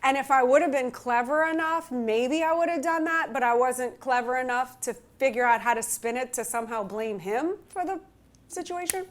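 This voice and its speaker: A woman speaker candidly telling a personal story in an animated, self-mocking way. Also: high-pitched, normal speed. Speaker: relationship speaker.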